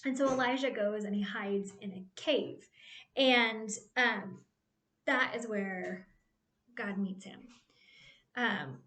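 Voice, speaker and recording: A woman giving a casual devotional Bible talk, retelling the stories in a chatty, animated way and checking in with "right?". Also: mid-range voice, slow, long pauses. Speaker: Bible study speaker. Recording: roomy echo.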